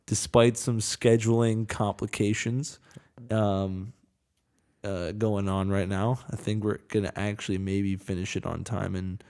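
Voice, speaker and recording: A man's voice: fairly low pitch, flat delivery, measured pace, a little mellow, clean tone. A young man co-hosting a casual podcast, telling a rambling, jokey story full of "dude" and "man". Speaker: podcast co-host. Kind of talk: casual chat.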